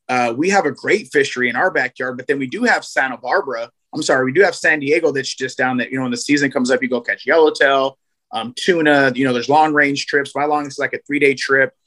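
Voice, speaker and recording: A man from Southern California in casual podcast chat, telling animated fishing stories full of slang. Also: medium pitch. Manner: fast, animated storytelling with slang. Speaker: guest, fishing program organizer.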